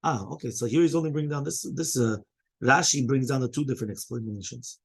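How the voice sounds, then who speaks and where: A man teaching a casual Talmud class, quickly explaining each passage and reading out Hebrew and Aramaic quotes. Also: medium pitch, breathy edge.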